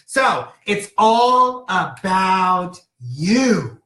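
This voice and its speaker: A woman's voice: medium pitch, very slow, roomy sound. A woman giving a playful, giggly live-stream card reading. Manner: giggly, playful, animated delivery. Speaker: card reader.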